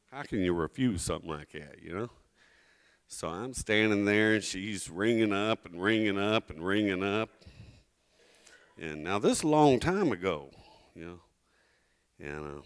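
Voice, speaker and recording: A man telling a folksy tall tale on stage at a liar's contest, drawling with many pauses and acted-out quotes. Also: fairly low pitch, clean tone.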